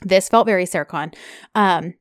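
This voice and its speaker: A woman co-hosting a casual chat, retelling scenes in a chatty, animated way with lots of fillers. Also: on the low side, normal speed, no room sound, studio quality. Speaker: podcast co-host recapping a TV series.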